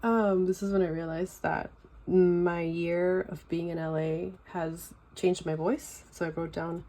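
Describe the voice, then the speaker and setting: A woman's voice: fairly low pitch, flat delivery, a little slow, warm tone. A young woman with a Californian accent, chatting casually and loosely while showing her sketchbook at home. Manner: chatty, loose and rambling with fillers. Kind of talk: casual chat.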